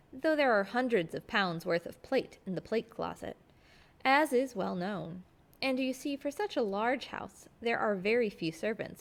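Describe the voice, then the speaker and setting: A woman reading aloud as a composed, guarded middle-aged woman servant, measured and prim. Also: mid-range voice, creaky.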